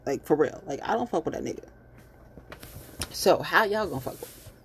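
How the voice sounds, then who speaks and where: A woman giving a blunt, animated casual commentary monologue on local politics, swearing freely. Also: low voice, fairly quick, a little hiss or hum.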